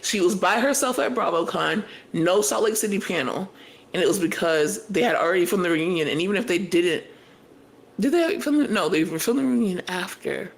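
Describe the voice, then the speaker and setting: Animated, profane woman co-host. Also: on the low side, normal speed, gravelly, poor audio. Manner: animated, profane, tells story in bursts. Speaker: podcast co-host. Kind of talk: casual recap chat.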